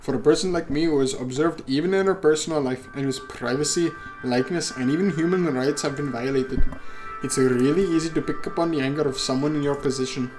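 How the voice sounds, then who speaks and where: A man's voice: fairly high pitch, fairly quick, few pauses, over music, lightly acted. A man voicing a guarded, indignant young woman heir in his own plain voice. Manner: firm and indignant.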